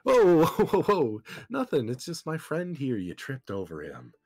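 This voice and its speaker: A man voicing a jittery male adventurer who stammers out apologies and tries to smooth things over. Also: deep voice, sing-song, normal speed, no room sound, full character voice. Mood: nervous.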